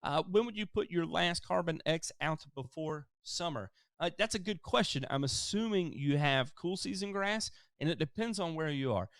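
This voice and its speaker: Relaxed man hosting a lawn Q&A. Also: on the high side, gravelly, no room sound, studio quality. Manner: relaxed, explanatory, many fillers. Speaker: lawn care show host answering viewer questions. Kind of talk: casual live-stream Q&A.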